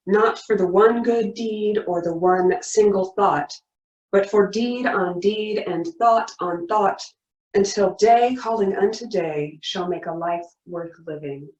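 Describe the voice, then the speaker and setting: A woman leading a worship service, reading a story aloud and then praying, in an earnest, gently emphatic way with repeated refrains. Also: on the low side, muffled recording. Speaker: worship leader. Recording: roomy sound from a distance.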